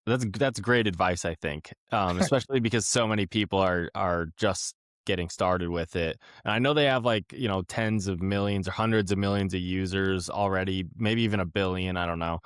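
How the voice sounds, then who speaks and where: Seorang pria pembawa acara podcast yang bicara santai, mudah setuju, dan sering ragu dengan kata pengisi. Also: male voice, low-pitched, a little fast, few pauses, smooth, no echo, studio quality. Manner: agreeable, hesitant fillers. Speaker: podcast host. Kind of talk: casual interview talk.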